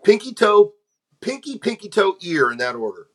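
A man's voice: high voice, big pitch swings, moderate pace, fairly bright tone, slightly rough. A middle-aged man co-hosting a casual podcast, blunt and jokey in a plain-spoken way. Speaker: podcast co-host.

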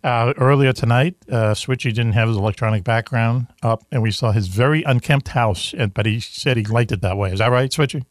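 A man's voice: mid-range voice, brisk, few pauses, dry recording, clean studio sound. A man with a Boston accent hosting a casual video-call chat show, rambling and self-deprecating with lots of fillers. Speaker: host.

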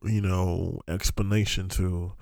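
A man's voice: sits low, flat delivery, takes it slowly, creaky, darkish tone, no echo, clean studio sound. A young man hosting a podcast, telling a story in a casual, profane, ranting way with frequent laughs. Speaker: podcast host.

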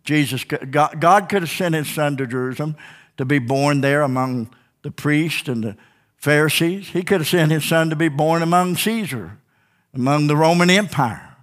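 A man preaching a sermon as a pastor in church, fervent and folksy, with call-and-response "Amen?" and sudden shouts. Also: a little high, normal speed. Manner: old-fashioned, down-home speech.

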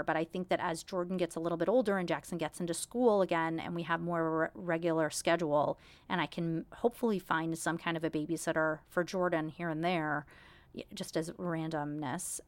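A woman in her thirties chats through her own podcast in a candid, self-deprecating way. Her voice sits a little low. The sound is close and dry, with no room around it. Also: no room sound. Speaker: podcast host. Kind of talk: casual solo podcast chat.

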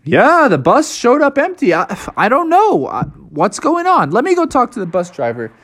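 A man's voice: very high-pitched, huge pitch swings, moderate pace, a bit bright, pitched above the performer's own voice, heavily acted. A man voicing a flustered school principal who stammers.

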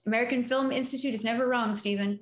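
A woman's voice: a little high, steady tone, quick pace. Laughing woman podcast co-host. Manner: laughs easily, reads out a list. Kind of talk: casual chat.

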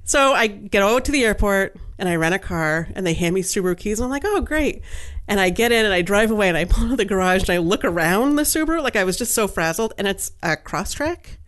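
A woman telling a long story in casual chat, animated and chatty, laughing often and filling her talk with fillers. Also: mid-range voice, fast, hardly any pauses.

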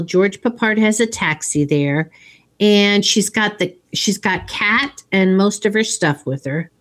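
Slow-paced woman retelling a film. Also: medium pitch. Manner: slow, storytelling with acted quotes. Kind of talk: casual chat, retelling a film plot.

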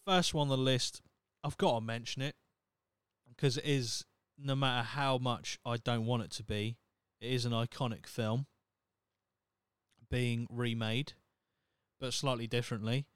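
A man's voice: mid-range voice, fairly even intonation, unhurried, smooth, no echo. Blunt, sweary male podcast host. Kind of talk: casual solo podcast rant.

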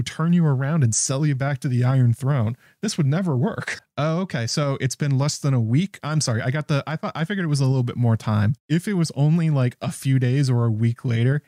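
This man, a recap host, talks through a TV episode in a loose, incredulous way, chuckling and stopping to start over. His voice sits at a medium pitch with a mellow quality. The sound is clean studio audio without any room sound.

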